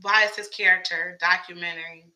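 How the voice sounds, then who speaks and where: A woman's voice: on the low side, fairly even intonation, normal speed, sharp tone, poor audio. A woman chatting casually as a fan commentator, wondering aloud with lots of questions, her voice a bit strained. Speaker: show commentator.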